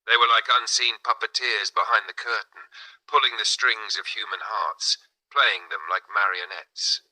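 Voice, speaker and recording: A man narrates a spiritual novel in a measured, dramatic read. His voice is lowish with a notably bright, tense edge. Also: poor audio. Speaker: audiobook narrator. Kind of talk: scripted narration.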